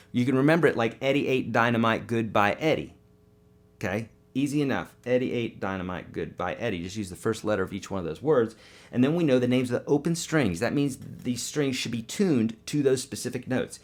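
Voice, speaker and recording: Male guitar teacher, live webcast lesson, upbeat and quick, morning voice, faint guitar in the background. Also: mid-range voice. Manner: upbeat, quick, with sung note examples.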